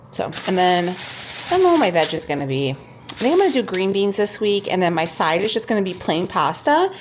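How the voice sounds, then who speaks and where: A woman's voice: on the low side, slight background noise. A woman vlogging casually, showing a shopping haul and ranting in a chatty way with lots of "okay?" asides. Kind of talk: casual chat.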